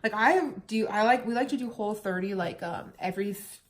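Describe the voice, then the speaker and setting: A young woman from the United States vlogs openly and conversationally about her personal story, at moments holding back tears. Her voice is medium-pitched and her pace a little fast.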